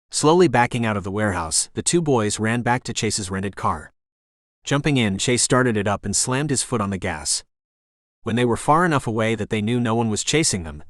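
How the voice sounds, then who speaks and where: A man narrating an audiobook with steady, even storytelling. His voice sits on the low side and is recorded close and dry. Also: dry recording. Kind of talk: scripted narration.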